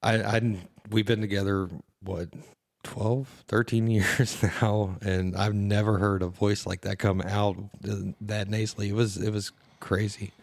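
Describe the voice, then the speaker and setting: A man hosting a podcast in casual chat, speaking haltingly with frequent restarts. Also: fairly low pitch, flat delivery, gravelly, dry recording. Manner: halting, many restarts and laughs. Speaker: podcast host.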